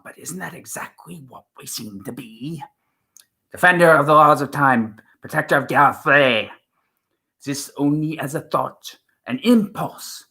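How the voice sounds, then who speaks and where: A man's voice: mid-range voice, bright, forceful tone. A man doing an impression of an eccentric male time traveler, delivered theatrically and dramatically. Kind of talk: impression of an actor's performance.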